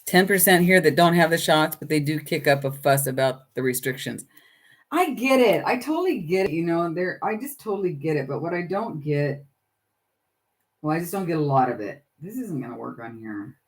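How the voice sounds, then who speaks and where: Low-voiced middle-aged lady chatting on a craft livestream, greets viewers, rambly and friendly. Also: lively intonation, moderate pace. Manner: chatty, talks to viewers by name while gluing journal pages. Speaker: livestream host. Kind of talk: casual crafting livestream chat.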